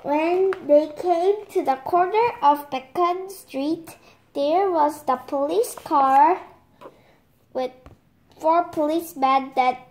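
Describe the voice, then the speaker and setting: A young girl reading a picture book aloud at home, slowly and carefully, stumbling on words now and then. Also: sits high, a little mellow, reverberant.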